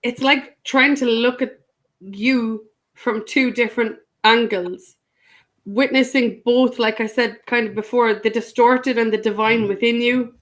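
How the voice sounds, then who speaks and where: A woman on a video call in a casual live chat, speaking in a soft, reflective, halting way. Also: fairly high pitch, fairly even intonation.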